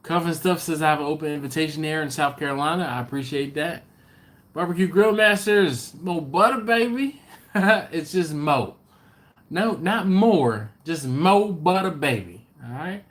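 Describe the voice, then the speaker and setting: A man's voice: on the high side, normal speed, fairly bright tone. A middle-aged man hosting a barbecue channel, chatting casually on a live stream and reading out viewer comments in a laid-back, slangy way.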